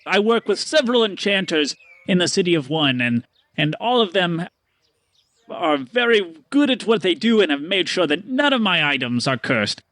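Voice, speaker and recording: A man voicing a boastful showman merchant, with a theatrical sales pitch and drawn-out words, in a tabletop role-play. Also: big pitch swings, a bit bright, no room sound. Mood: reassuring.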